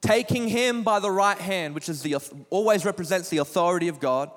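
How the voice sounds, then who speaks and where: A man's voice: high voice, brisk. A young man, a youth pastor, preaching a sermon with passionate repetition and rhetorical questions in a church. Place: church auditorium. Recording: long hall reverb.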